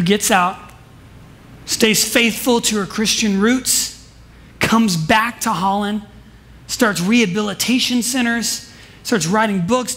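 A man preaching a sermon in a church service, telling stories emphatically and swinging between soft asides and loud declarations. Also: high-pitched. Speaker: pastor.

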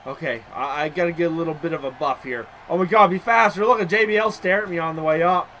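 A young man hosting a gaming channel, giving excitable let's-play commentary with loud outbursts and mild swearing. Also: on the high side, fast, slight background noise.

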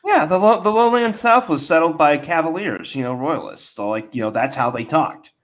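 A man's voice: fairly high pitch, expressive, normal speed. An American man co-hosting a podcast who explains things bluntly and casually, with some profanity. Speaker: podcast co-host. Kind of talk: casual chat.

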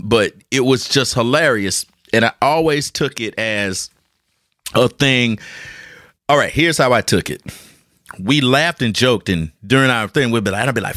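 A man's voice: on the low side, no room sound, studio quality. A man hosting his own podcast, telling a casual, jokey story to his listeners. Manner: animated, jokey, repeats words, talks to listeners. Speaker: podcast host. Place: hot room at home with a ceiling fan.

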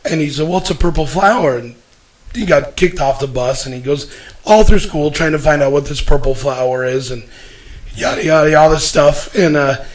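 A man's voice: a little high, normal speed, rough recording. A male show host chatting casually and telling a long story in a meandering way, full of fillers. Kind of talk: casual chat.

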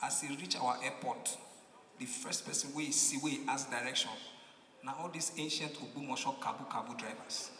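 A man's voice: mid-range voice, a little fast, roomy sound, in a large hall. A man with a Nigerian accent doing stand-up comedy, telling a story and acting out its characters. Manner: animated storytelling, acting out voices, shouting punchlines.

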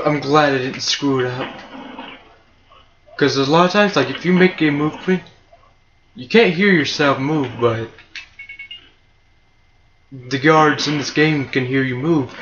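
A man's voice: medium pitch, normal speed, long pauses. A young man casually commentating his own speedrun, rambling and self-mocking with sarcastic asides. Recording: muffled lo-fi with steady hiss.

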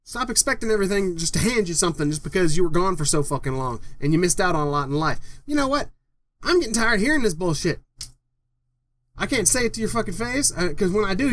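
A man's voice: high voice, fairly bright tone. A young man vlogging an angry, profane rant, repeating himself as he vents. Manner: heated, profane, repetitive ranting.

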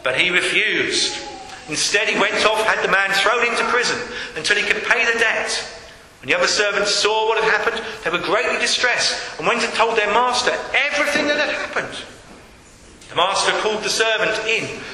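Male pastor, high bright voice, earnest preaching, echoey church hall with long reverb. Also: lively intonation, normal speed, a little hiss or hum. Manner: earnest preaching, reads scripture aloud with acted quotes. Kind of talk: sermon.

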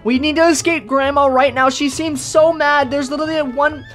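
A woman giving excitable game commentary, gasping and shrieking as she plays. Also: high-pitched, brisk, soft background music. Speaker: gaming host.

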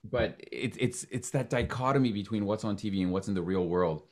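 A man from Canada hosting a podcast, talking in an animated, joking way with quick restarts. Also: lowish voice. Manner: animated, talks fast with restarts and jokes. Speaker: podcast host. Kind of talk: casual interview chat.

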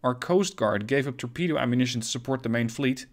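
A man reading a naval scenario story aloud for his strategy game video, in an ordinary mid-range voice. He tells it at a relaxed storytelling pace and breaks off for casual asides with the odd filler. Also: medium pitch, fast. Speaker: gaming video host.

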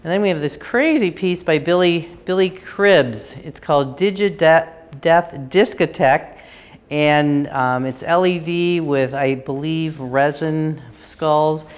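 Low, smooth-voiced woman touring a gallery. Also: takes it slowly. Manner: chatty and enthusiastic, with frequent ums and restarts. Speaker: gallery curator giving a tour. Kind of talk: unscripted gallery tour walkthrough.

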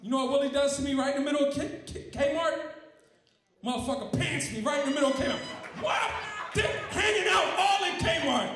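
A man's voice: extremely high pitch, fast talker. A man doing a profane, punchy stand-up routine. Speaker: comedian. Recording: very echoey room with faint crowd.

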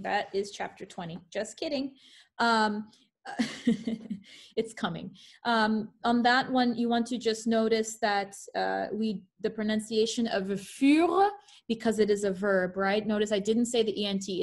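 A woman's voice: mid-range voice, unhurried. A woman teaching French pronunciation on a video call, taking her time over each word. She reads the French examples out with care and drops in light, joking asides between them. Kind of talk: online class teaching pronunciation.

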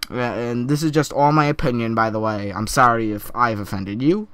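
Young male vlogger, mid-pitched, earnest and halting, dry close sound. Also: fairly bright tone, clean tone, no echo. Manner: earnest, halting, with frequent stumbles and repeats. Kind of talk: opinion commentary vlog.

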